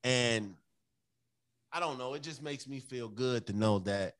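Man, podcast co-host, casual chat, emphatic, repeats himself, slow delivery, dry close sound. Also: medium pitch, no room sound. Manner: emphatic, repeats phrases, acts out his kids' voices.

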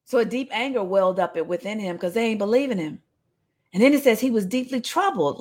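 Animated woman preaching a casual sermon. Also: medium pitch, a little fast. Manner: animated, playful retelling with voiced asides.

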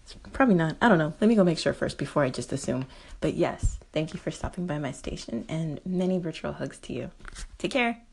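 A woman who runs her own podcast, leaving a gentle, affectionate voice message. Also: deep voice, expressive, a little fast, creaky, slight background noise. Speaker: fellow podcaster calling in. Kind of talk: casual voice message.

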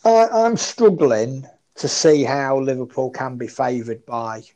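A man's voice: mid-range voice, measured pace, mellow, low-quality recording. Chatty man talking football bets. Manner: chatty, self-deprecating, thinks aloud. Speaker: football betting tipster. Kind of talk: casual betting podcast chat.

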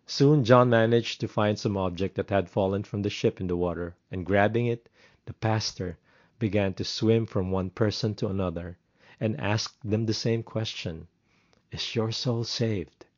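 A man telling a devotional story in an earnest, measured way, slowing down for dramatic moments. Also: fairly low pitch, fairly even intonation, highs cut off.

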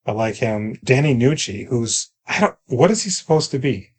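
Man, podcast co-host, casual movie chat, wry, rambling, self-correcting, middle pitch. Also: lively intonation, moderate pace, darkish tone, breathy edge.

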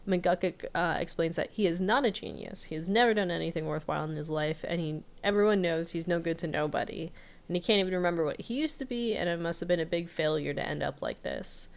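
A woman co-hosting a casual podcast, recapping an episode in chatty, giggly storytelling with quick quoted voices, recorded over a remote video call. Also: lowish voice, creaky. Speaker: podcast co-host.

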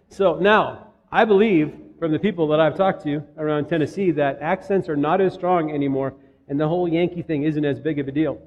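A man's voice: fairly high pitch, long reverb tail, dull audio. A man from Minnesota preaching a sermon, telling stories in a conversational way. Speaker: pastor.

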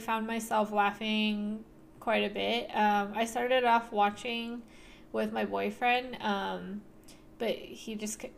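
A woman's voice: mid-range voice, creaky, slight background noise. A young woman co-hosting a podcast, chatting casually about a movie with frequent fillers and laughs. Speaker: podcast co-host. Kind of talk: casual chat.

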